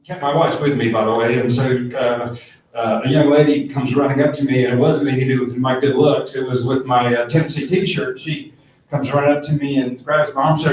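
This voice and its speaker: A man's voice: medium pitch, a little mellow, a little hiss or hum. A middle-aged man giving a conference talk, telling a humorous personal story in a folksy, rambling way with many fillers and restarts. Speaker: conference speaker. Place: large conference room. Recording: echoey hall, distant mic, dull sound.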